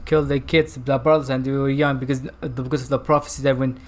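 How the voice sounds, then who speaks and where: A man's voice: mid-range voice, level tone, quick pace. A man co-hosting a film review chat, not a native English speaker, who rambles, hunts for words and laughs often. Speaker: podcast co-host reviewing a film. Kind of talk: casual chat.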